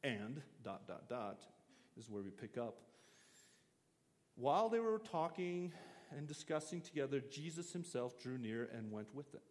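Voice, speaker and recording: A man's voice: mid-range voice, big pitch swings, measured pace, in a large hall. A man preaching an interactive sermon, talking casually and asking his listeners questions. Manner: conversational, asks the audience questions.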